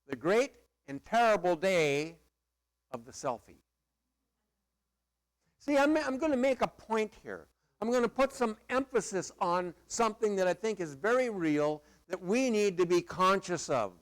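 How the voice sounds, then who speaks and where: A man's voice: high voice, animated, measured pace. A middle-aged male pastor preaching a sermon in a conversational, emphatic way with playful asides.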